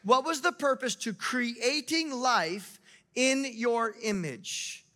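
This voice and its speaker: Bright high-voiced male pastor preaching. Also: slow. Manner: conversational preaching with rhetorical questions. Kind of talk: sermon.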